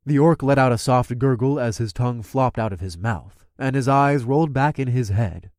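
A man's voice: mid-range voice, moderate pace, darkish tone, no room sound, studio quality. Man narrating a fantasy audiobook. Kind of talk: first-person audiobook narration.

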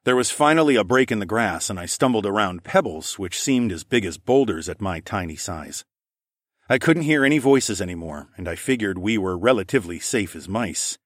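Low-voiced male story narrator. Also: expressive, moderate pace, no echo, clean studio sound. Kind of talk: first-person audiobook narration.

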